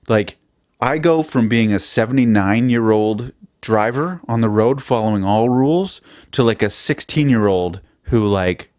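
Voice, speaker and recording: Solo podcast host, male, lowish voice, dry booth sound; loose, foul-mouthed, self-deprecating comic rambling. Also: no room sound. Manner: rambling, profane and self-mocking. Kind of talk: casual comedic monologue.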